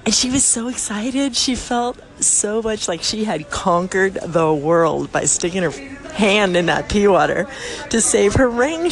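A woman hosting her own podcast, telling a story in a chatty, expressive way and laughing often, recorded in a busy airport. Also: medium pitch, gravelly. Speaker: podcast host. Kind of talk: casual storytelling to listeners.

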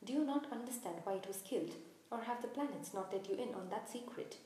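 A woman reading a solemn young male centaur from a storybook, earnest and protective, in a mellow voice. The voice rings through a very echoey room with a faint hiss underneath. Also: on the high side, lively intonation, a little fast, natural voice. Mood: angry.

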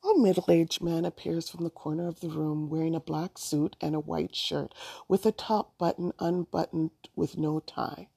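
A woman narrating a storybook aloud in a plain, steady reading voice. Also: low-pitched, normal speed, gravelly, breathy edge, no echo.

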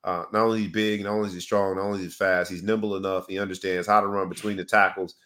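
A man co-hosting a relaxed sports talk show, his voice bright and forceful. He talks in an animated, hype-building way and strings together long, rambling pleas to the audience. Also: sits low, very fast. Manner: rambling sign-off with repeated pleas. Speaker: podcast co-host.

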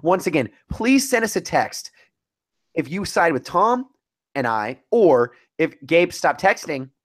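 A man's voice: a little high, big pitch swings, a little slow. A young man co-hosting a podcast in casual chat, teasing and mock-serious. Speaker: podcast co-host.

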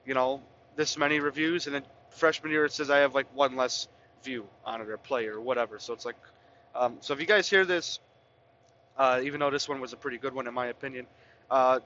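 Man, podcast host, casual rambling storyteller, bright voice, dull lo-fi sound, faint hiss. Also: mid-range voice. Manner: rambling, blunt, animated with filler words.

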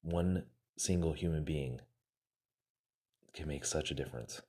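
A man's voice: a bass voice, a little slow, dark tone, slightly rough. A man casually retelling a success story to motivate his listeners, acting out the quoted lines and using many fillers.

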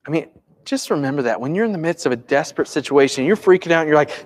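A man preaching a conversational sermon, swinging between urgent bursts and hushed, calm stretches. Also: fairly high pitch, fast talker. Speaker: pastor.

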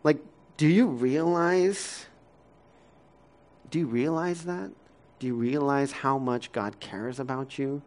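A pastor in his thirties gives a conversational sermon in a medium-pitched voice, speaking slowly with frequent pauses. He's casual, full of fillers, and often laughs, shifting between soft, quiet stretches and lively ones.

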